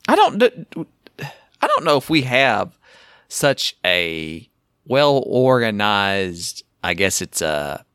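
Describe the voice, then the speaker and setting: A man's voice: on the low side, huge pitch swings, slow, a bit bright, clear, resonant tone, no echo. Joking male podcast co-host, dry sound. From southern US, near Arkansas. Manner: joking, folksy. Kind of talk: casual podcast chat.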